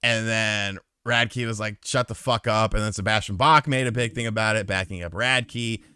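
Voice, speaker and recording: In a podcast aftershow, a man chats casually, telling a profane story with animated energy and reading live chat to answer viewers. His voice is fairly low at normal speed, with a clean tone and clean, echo-free studio sound.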